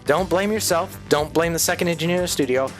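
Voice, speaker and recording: A middle-aged man livestreaming a game, chatting casually and telling rambling, animated stories with plenty of swearing. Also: a little high, fast talker, faint music behind. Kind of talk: casual livestream chat while playing.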